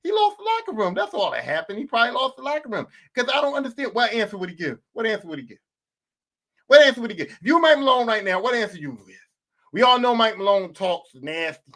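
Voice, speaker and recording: A man's voice: extremely high pitch, very animated, quick pace, sharp tone. A man hosting a podcast, delivering a heated, profane sports rant full of repeated rhetorical questions. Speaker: podcast host.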